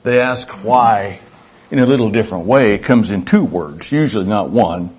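A man's voice: lowish voice, animated, normal speed, darkish tone, husky. A middle-aged man preaching a sermon in an earnest, conversational way, acting out little dialogues. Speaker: pastor.

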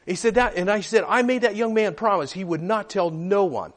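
A man's voice: high voice, fairly quick. A male preacher telling a story in a sermon, retelling a conversation and acting out the quoted voices.

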